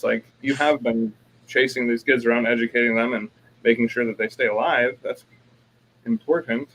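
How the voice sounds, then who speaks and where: A man co-hosting a relationship coaching talk, telling lively stories and acting out both sides of arguments. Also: medium pitch, moderate pace, slight background noise, rough recording. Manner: animated storytelling, acts out both sides of arguments. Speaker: life coach co-host. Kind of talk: casual conversation.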